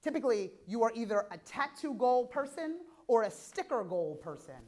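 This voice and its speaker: A woman with a slightly high voice delivers a motivational keynote at a conference. She talks in an animated way and keeps checking in with her listeners. She sounds like she is in her thirties. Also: moderate pace. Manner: animated, repeats "right?" to the audience. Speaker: keynote speaker. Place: conference hall.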